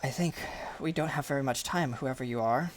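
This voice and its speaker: A man's voice: medium pitch, a little fast, close to an everyday voice. A man voicing a frightened, inquisitive young girl who stammers. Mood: alarmed. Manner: stammering, breathless.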